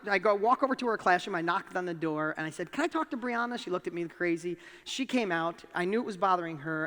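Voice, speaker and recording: A man with a New York accent giving a motivational talk, telling a personal story with animated, emphatic rises in his voice. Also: sits high, long reverb tail. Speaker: speaker.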